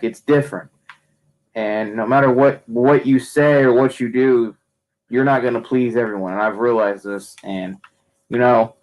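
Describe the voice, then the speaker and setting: A man's voice: medium pitch, low-quality recording. Rambling young man. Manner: rambling, frequent fillers and restarts. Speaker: wrestling streamer. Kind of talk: casual opinion rant.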